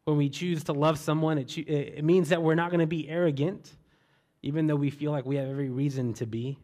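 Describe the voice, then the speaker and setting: Man, fairly high voice, sermon, relaxed storytelling, rhetorical questions. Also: fairly quick. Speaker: preacher.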